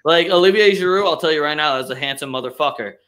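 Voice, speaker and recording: A young man hosts a loose soccer talk stream and rants with heavy swearing and strong opinions. His voice is bright and edgy and sits a little high. He often breaks into mocking impressions of other people. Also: fast. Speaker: podcast host. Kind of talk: casual soccer chat, live stream.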